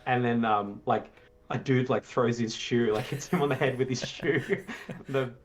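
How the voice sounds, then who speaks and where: Brief: chatty male co-host, jumps into high voices while retelling scenes. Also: fairly even intonation, moderate pace. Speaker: podcast co-host. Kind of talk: casual film review chat.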